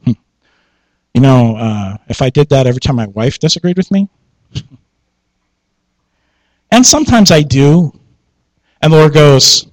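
A man's voice: a little high, animated, a little slow, pauses often, no room sound, low-quality recording. A man, a pastor, preaching a sermon in a conversational way, asking rhetorical questions and laughing at his own asides.

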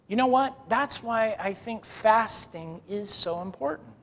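Earnest high-voiced male preacher. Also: sing-song, a bit bright, long reverb tail. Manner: earnest preaching, stretches key words slowly. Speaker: pastor. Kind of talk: sermon.

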